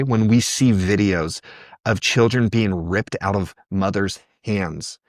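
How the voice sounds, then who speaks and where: A man's voice: lowish voice, unhurried, no room sound, studio quality. A man as a podcast guest, talking with passion and often quoting other people. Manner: passionate, animated, quotes others in voices. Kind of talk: conversational podcast interview.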